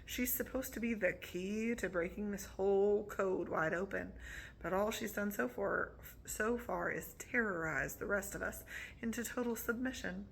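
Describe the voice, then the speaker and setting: A woman's voice: mid-range voice, moderate pace, vocal fry, a little hiss or hum, lightly acted. A woman reading a grumpy male rat. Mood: disgusted. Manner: sardonic, grumbling. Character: rat, male, gruff and disgusted.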